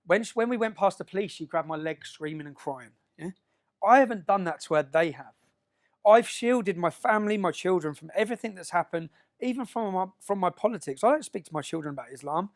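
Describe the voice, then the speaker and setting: A man giving an emphatic speech to an audience, often checking in with a quick "yeah?". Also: high voice, expressive. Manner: emphatic, keeps asking "yeah?" to the crowd. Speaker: public speaker.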